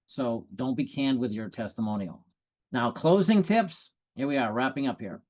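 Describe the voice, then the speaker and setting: Animated man coaching on sales. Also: mid-range voice. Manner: animated, acts out prospects and quotes; laughs at own stories. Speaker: sales trainer. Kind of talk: coaching talk.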